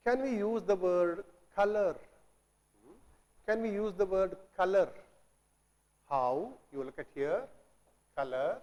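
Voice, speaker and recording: A male English teacher with a high-sitting, slightly mellow voice gives a slow classroom grammar lesson in an echoey hall with long reverb. He repeats words, poses questions and answers them himself, and clears his throat.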